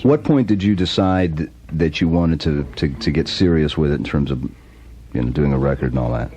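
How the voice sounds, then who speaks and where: A man's voice: extremely low pitch, normal speed, warm tone. A man hosting a radio call-in show, reading promos and introducing callers in an upbeat announcer style. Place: radio studio.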